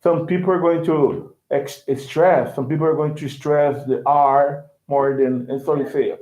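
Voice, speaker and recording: A man whose first language is Portuguese, teaching English in a casual, animated way, often repeating words and acting out quotes. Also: a little high, moderate pace, few pauses. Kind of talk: casual lesson commentary. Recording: echoey, phone-like sound.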